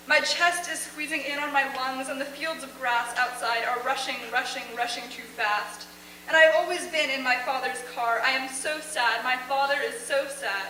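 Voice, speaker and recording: At a showcase, a young woman student earnestly reads her own emotional first-person story aloud on a theater stage, her high voice pushed and bright at a normal speed. A camera far off in the audience recorded it, so the sound is distant and echoey, with a faint hum.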